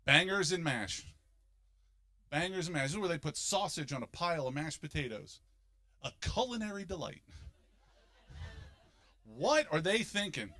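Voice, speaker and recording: A fifty-something man works a stand-up set, his voice swinging widely up and down. His tone is bright and forceful, and he leaps into loud, overblown voices to sell the jokes. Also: a little high, normal speed, long pauses. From Philadelphia, United States. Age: 50s. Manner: animated, jumps into loud exaggerated voices for punchlines. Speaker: stand-up comedian.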